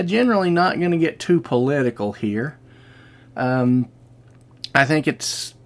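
Gravelly-voiced man hosting a podcast. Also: medium pitch. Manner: rambling, chatty, many fillers and restarts. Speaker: podcast host. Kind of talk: casual monologue.

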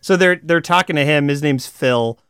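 A man co-hosting a podcast, telling an episode recap in animated, laughing casual chat. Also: a little high, moderate pace, clear, resonant tone, dry recording, studio quality. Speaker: podcast co-host.

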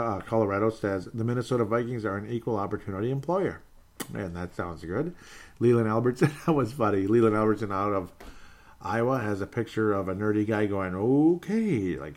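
Man, sports show host, lowish voice, relaxed, chuckles, reads viewer comments. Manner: relaxed, chuckles often, trails off and restarts. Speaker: podcast host. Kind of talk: casual sports talk, reading viewer comments.

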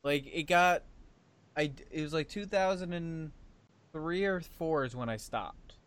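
A man's voice: on the high side, measured pace, a bit bright, clear, resonant tone, dry recording. A man co-hosting a casual podcast, blunt and joking. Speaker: podcast co-host. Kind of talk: casual chat.

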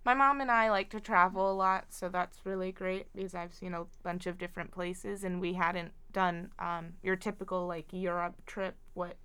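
A woman's voice: lowish voice, fairly even intonation, normal speed, few pauses, a bit bright, clean tone. A young woman co-hosting a podcast, chatting casually with friends and dropping in plenty of "like" and "um". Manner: chatty, lots of "like" and "um". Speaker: podcast co-host. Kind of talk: casual chat.

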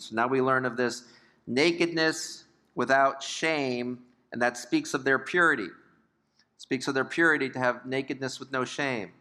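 A man's voice: mid-range voice, steady tone, normal speed, bright, forceful tone. An older man leading a Bible study class. He talks conversationally, asks the group questions and drops in joking asides. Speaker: Bible teacher.

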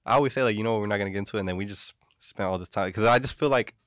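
A man with a very deep voice rattles through a story at high speed, circling back with constant "like"s. The sound is dry and close, with no room around it. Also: very fast, a bit bright, dry recording. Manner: rambling storyteller, heavy on "like". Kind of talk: casual chat.

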